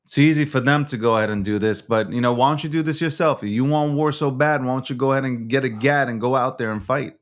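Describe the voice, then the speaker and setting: A man's voice: medium pitch, fairly even intonation, quick pace, few pauses. Profane, agitated man ranting. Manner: profane, agitated, repeats himself. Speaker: show host. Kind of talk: unscripted news recap and rant.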